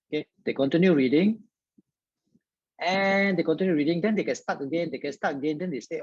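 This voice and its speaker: Male tutor, online lesson, keeps saying okay, breathy voice, lo-fi sound. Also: on the high side, brisk, no echo. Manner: talks straight to viewers, peppered with "okay". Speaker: biology tutor. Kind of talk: live online study-skills lesson.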